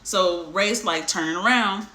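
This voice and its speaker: A woman casually retelling a book chapter, acting out the characters' lines in animated voices. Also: medium pitch, a little slow, reverberant. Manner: chatty, acts out quotes in animated voices. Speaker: book discussion host.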